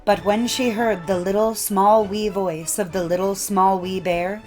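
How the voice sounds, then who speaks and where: A woman reading old folk tales aloud in a measured storytelling cadence. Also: mid-range voice, a little mellow. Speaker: narrator. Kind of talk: scripted storybook narration.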